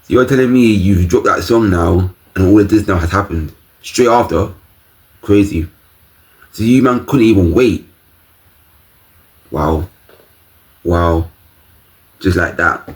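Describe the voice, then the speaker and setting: A man hosts a reaction video, jumping in with loud exclamations and laughs. His voice sits low and his talk is loose and casual. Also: unhurried, long pauses.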